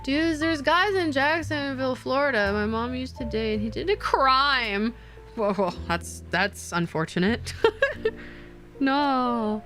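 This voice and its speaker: A young woman streaming while doing a craft, chatting casually with her viewers and getting excited easily. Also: high voice, slow, soft background music.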